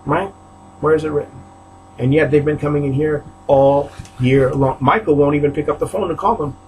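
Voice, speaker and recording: A man's voice: a little high, steady tone, normal speed, a little hiss or hum, low-quality recording. A man from Haiti ranting to camera in his apartment, aggrieved and repetitive, often rising into outbursts. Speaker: preacher. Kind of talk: agitated video rant. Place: apartment, indoors.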